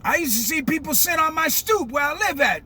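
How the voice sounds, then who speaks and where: An older man, giving a fiery, emphatic monologue that breaks into shouting. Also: extremely high pitch, expressive, fairly quick. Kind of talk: impassioned monologue.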